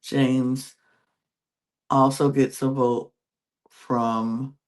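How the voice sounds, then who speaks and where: A man's voice: medium pitch, level tone, drawn-out words. A man hosting a podcast, casually recapping a reality-show episode and acting out the contestants' reactions as he goes. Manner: retells scenes by acting out contestants' quoted reactions. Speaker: podcast host.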